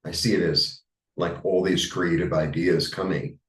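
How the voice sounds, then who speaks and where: A man with a New York accent giving a rambling, halting tarot reading, full of fillers. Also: sits low, steady tone, reverberant, far from the mic, poor audio. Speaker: tarot reader. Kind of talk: casual spiritual monologue.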